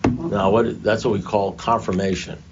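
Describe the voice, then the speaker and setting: A man's voice: on the low side, steady tone, normal speed, noisy background. An older man speaking at a recovery meeting, telling his story to a group in a conversational, self-mocking way, recorded in a muffled, lo-fi room.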